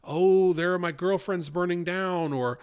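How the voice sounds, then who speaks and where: Lamenting wife looking back on her lost home, a man puts her on, sighing and a bit high. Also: fairly even intonation, a little slow, darkish tone, clean tone. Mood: wistful. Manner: wistful sighing exclamations.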